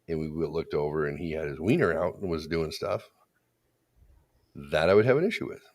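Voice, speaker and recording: A man's voice: a bass voice, darkish tone. A man co-hosting a podcast, talking in a casual, opinionated way and telling blunt, crude stories with frequent restarts. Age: adult parent. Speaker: podcast co-host.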